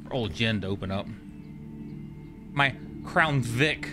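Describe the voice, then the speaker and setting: A man giving casual gameplay commentary, excitable and profane, joking with the characters he meets. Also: mid-range voice, slow, over music. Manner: excitable, profane, jokey, talks to game characters. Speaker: gamer streamer. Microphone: studio microphone.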